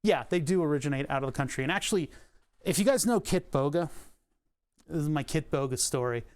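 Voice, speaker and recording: Rambling man with a higher voice. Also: expressive, brisk. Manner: rambling, full of fillers and asides, laughs often. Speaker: streamer. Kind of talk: casual livestream talk while repairing electronics.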